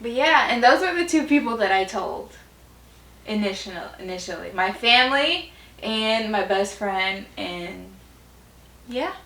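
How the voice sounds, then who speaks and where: A woman's voice: mid-range voice, animated, a little slow, a bit bright. A woman telling a story in casual chat with her partner, laughing often and talking with lots of fillers. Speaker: vlog co-host. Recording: roomy echo.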